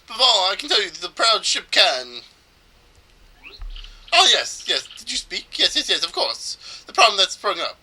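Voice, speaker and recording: A man's voice: sits high, sing-song, normal speed, bright, forceful tone, pitched above the performer's own voice, full character voice. A man voicing a vain, pompous male ship owner in a fake Spanish accent, boasting grandly while reading game text. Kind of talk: let's play voice reading.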